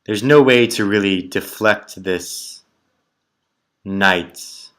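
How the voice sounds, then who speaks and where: His fairly low, fairly bright voice stretches words out as he solves chess tactics puzzles. Thinking aloud while calculating, he mutters the moves in clipped little phrases.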